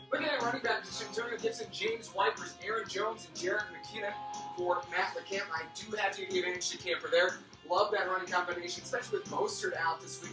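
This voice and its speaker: A man talks at speed through a mock sports-analyst preview, rambling off into pun tangents. His voice sounds a little worn, as if he is losing it. He is heard from some distance in a roomy space, with music playing behind him. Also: high voice. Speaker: fantasy football league host.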